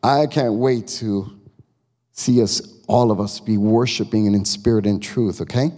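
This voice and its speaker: A man's voice: on the low side, steady tone, measured pace, dark tone. A man preaching a sermon as pastor, talking in a conversational, emphatic way and asking the congregation questions. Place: church sanctuary. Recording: long reverb of a church hall.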